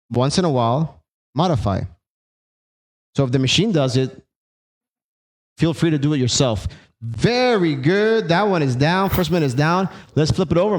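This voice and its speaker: A man's voice: a little high, darkish tone, poor audio. A man coaching an ab workout, counting and cueing reps aloud in an encouraging way. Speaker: fitness instructor. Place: small home workout studio.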